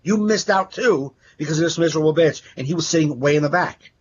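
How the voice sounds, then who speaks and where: A man's voice: fairly high pitch, quick pace, slightly rough. A man, a stand-up comedian, telling club stories in casual, profane podcast chat. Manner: profane, animated storytelling with acted quotes. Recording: dull lo-fi podcast audio.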